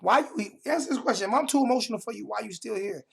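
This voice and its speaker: A young man streaming from home talks in a high-pitched, rapid-fire voice that's creaky and slightly rough. In a heated rant he trash-talks his chat confrontationally, repeating phrases for emphasis.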